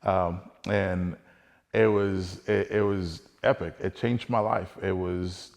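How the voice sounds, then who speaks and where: A man's voice: sits low, steady tone, slow pace, vocal fry, a little mellow, long reverb tail. A man earnestly telling a personal hunting story in a casual, conversational way, acting out bits of dialogue as he goes.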